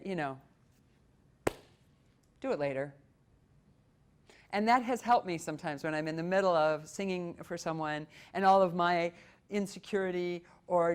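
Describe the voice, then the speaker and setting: A middle-aged woman with an Upper Midwest American accent gives a talk on group singing at a library. She speaks in an animated, expressive way and sometimes slips into short sung phrases. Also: on the low side. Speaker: voice coach and presenter. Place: public library meeting room.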